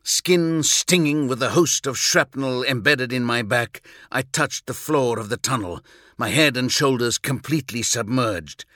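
A man reading a scripted first-person audiobook story, with measured, intense and vivid delivery. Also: mid-range voice, bright, forceful tone, no echo, studio quality. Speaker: audiobook narrator.

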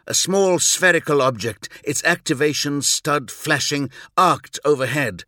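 Man narrating with a bright, forceful voice. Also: a little high, no echo, clean studio sound. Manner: measured, intense and vivid. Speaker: audiobook narrator. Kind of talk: scripted first-person dramatic narration.

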